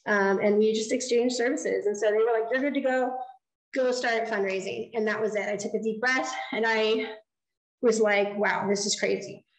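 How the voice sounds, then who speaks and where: A woman giving a design lecture, telling a story in an animated way and acting out the dialogue. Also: on the high side, normal speed, roomy sound, low-quality recording. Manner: animated, acts out quoted dialogue. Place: lecture hall.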